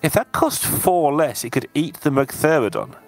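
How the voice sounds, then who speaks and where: A man's voice: on the high side, big pitch swings, moderate pace, over music. Chatty male esports co-caster. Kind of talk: live game commentary.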